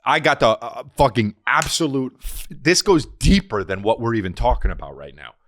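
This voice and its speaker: A man's voice: mid-range voice, lively intonation, moderate pace, fairly bright tone, dry recording. A man co-hosting a podcast in casual chat, swearing freely and riffing with mock voices. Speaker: podcast co-host.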